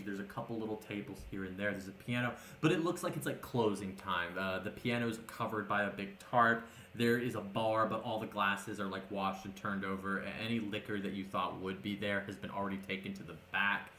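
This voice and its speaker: A man's voice: lowish voice, a bit bright, a little hiss or hum. A man narrating as game master, rambling with many fillers. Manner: rambling, filler-heavy, laughs often. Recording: echoey room.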